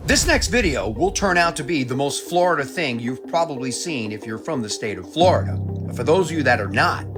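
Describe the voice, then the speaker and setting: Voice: medium pitch, big pitch swings, fairly quick. A narrator reading a scripted segment introduction with an emphatic delivery. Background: background music.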